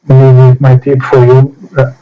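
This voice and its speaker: Over soft music and dull, lo-fi audio, a man slowly demonstrates miniature painting as a hobbyist. His speech is halting, with short phrases separated by pauses, and his medium-pitched voice stays monotone.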